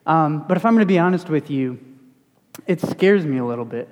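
A young man delivers a relaxed, talky sermon as student pastor, his voice sitting a little high for a man. His speech is animated and self-deprecating. The church hall gives it a long, ringing tail. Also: brisk. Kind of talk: casual sermon with stories. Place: church sanctuary.

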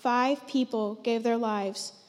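A woman's voice: a little high, fairly even intonation, slow. A teenage girl on a church stage sharing a personal testimony, heartfelt and emotional. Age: teens. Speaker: student giving testimony. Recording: long church hall reverb.

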